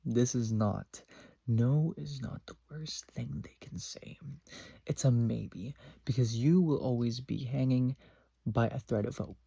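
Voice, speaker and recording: A man's voice: medium pitch, measured pace, creaky, mellow, breathy edge, no echo. A teenage boy telling a story in a casual, exasperated vlog rant, sometimes dropping to a whisper. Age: teens. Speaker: vlogger.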